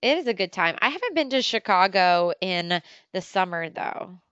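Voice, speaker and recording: Smooth-voiced chatty woman podcast host. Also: lowish voice, animated, fairly bright tone, dry recording, lo-fi sound. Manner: chatty, teasing, quick bursts of talk. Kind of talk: casual chat.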